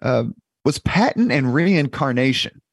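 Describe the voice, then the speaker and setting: A man in his fifties hosts a podcast in a mid-pitched voice and asks his guest questions. He mixes in his own memories as he talks. The sound is dry, with no room echo. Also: very animated, a little slow, breathy edge. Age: 50s. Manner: conversational questioner who adds personal asides. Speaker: podcast host. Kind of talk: podcast interview.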